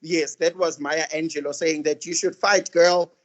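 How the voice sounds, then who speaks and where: A young man hosts an online student session over a video call. His voice sits a bit high, and he jokes around loosely with plenty of fillers. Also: steady tone, moderate pace, a bit bright, dull audio. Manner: playful, joking, with many fillers. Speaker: host of an online student training. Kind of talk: casual event hosting.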